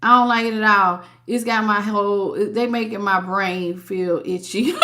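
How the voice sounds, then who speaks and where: A woman's voice: medium pitch, heavy background noise. A woman giving a live tarot reading, blunt and sassy, greeting viewers as baby and sweetie. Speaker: tarot reader.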